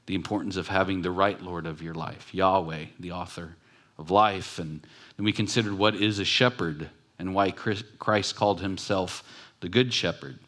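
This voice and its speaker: A man's voice: low voice, moderate pace, fairly bright tone. A man who is a pastor, preaching a sermon in a conversational, emphatic way and repeating key phrases for weight. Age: adult with children.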